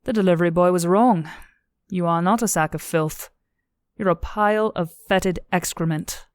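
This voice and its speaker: A woman's voice: fairly low pitch, normal speed, dry recording, studio quality, natural voice. A woman voicing a fierce young female police cadet who delivers cutting, contemptuous insults.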